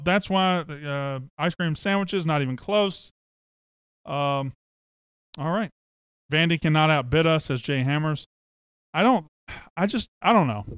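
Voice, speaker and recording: Male podcast host, smooth and clear, bit high, joking and chatty. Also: no echo, studio quality. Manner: joking, chatty, reads comments aloud. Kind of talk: casual sports podcast chat, reading listener comments.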